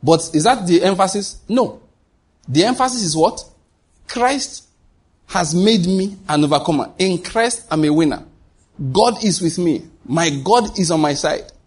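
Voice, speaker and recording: A man's voice: sits high, lively intonation, unhurried, slightly rough. A man preaching a sermon as pastor, asking the congregation rhetorical questions and answering them.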